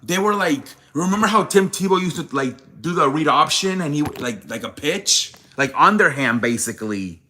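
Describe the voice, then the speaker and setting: A man's voice: a little high, expressive, normal speed, few pauses, pushed and bright, slight background noise. A young man hosting a live sports show, chatting casually with viewers, rambling and swearing when worked up. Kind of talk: casual live-stream chat.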